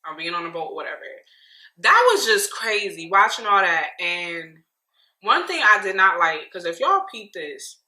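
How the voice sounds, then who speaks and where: A woman recapping reality TV in casual, opinionated chat, speaking animatedly with quick asides. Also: mid-range voice, sing-song, sharp tone, reverberant.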